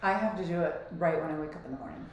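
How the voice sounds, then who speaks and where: A woman's voice: sits low, rapid-fire, a little hiss or hum. A woman co-hosting a podcast, chatting casually and filling her talk with "like" and "you know". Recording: very echoey room.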